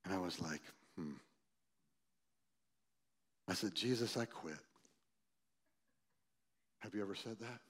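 A man's voice: slow, long pauses, slightly rough. Man in his sixties preaching a story. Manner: animated, acts out quoted voices loudly, then drops low and quiet. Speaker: pastor. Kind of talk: storytelling sermon.

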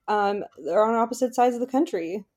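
A woman's voice: fairly high pitch, fairly quick, darkish tone. Giggly rambling woman podcast co-host. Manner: rambling, full of "like" and restarts, giggly. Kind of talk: casual chat recapping a reality show.

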